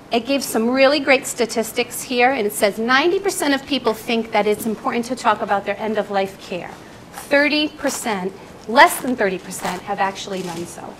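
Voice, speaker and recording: A woman nurse presenting on palliative care to healthcare staff, telling stories with lively, animated shifts in voice. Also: a little hiss or hum, low-quality recording. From United States. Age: adult. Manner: animated storytelling with lively jumps in pitch.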